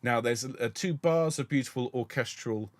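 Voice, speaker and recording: A man leading a choir rehearsal, explaining the music in a gentle, encouraging way. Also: mid-range voice, normal speed, no room sound. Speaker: choir director.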